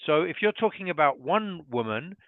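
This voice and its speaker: A British English teacher, a man, explaining pronunciation slowly and carefully over a video call. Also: fairly high pitch, expressive, dry recording. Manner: slow, careful demonstration of each word. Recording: thin phone-like call audio.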